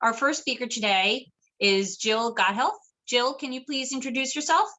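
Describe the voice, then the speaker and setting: A woman's voice: on the high side, normal speed, pushed and bright, poor audio. A woman moderating an online webinar, reading formal announcements and learning objectives from a script. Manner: formal, announcing list items. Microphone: video call.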